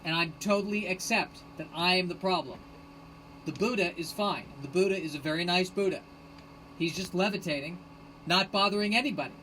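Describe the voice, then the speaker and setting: A man hosting a rambling solo live stream on his phone, sarcastic and self-mocking, bursting into shouted rants. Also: high voice, fairly quick, a little hiss or hum, poor audio. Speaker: podcast host streaming live.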